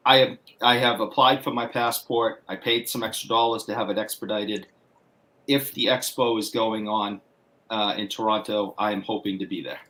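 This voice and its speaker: A man's voice: on the low side, steady tone, normal speed, bright, forceful tone. A man with a Boston accent, a guest telling rambling anecdotes with many restarts in a casual chat. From Massachusetts.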